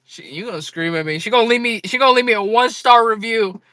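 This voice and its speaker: A woman's voice: on the high side, quick pace, sharp tone, no room sound. A woman chatting casually on a live-selling stream, joking, rambling and laughing often.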